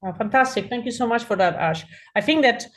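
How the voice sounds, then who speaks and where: A woman's voice: on the high side, a little fast. A woman moderating a parent webinar over a video call, politely passing on questions with hesitant fillers. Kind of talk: hosting a parent Q&A.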